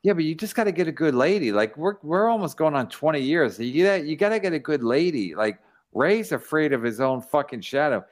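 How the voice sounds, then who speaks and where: A man's voice: fairly high pitch, expressive, a little fast. A man hosting a podcast in casual chat, swearing freely and stumbling over restarts. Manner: profane, stammering restarts. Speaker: podcast host.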